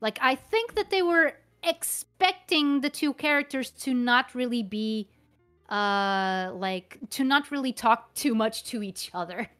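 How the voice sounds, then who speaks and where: A woman's voice: a little high, unhurried, fairly bright tone, soft background music. A woman talking casually as a guest about dubbing work, often stopping to restart and repeat her phrases. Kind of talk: casual conversation.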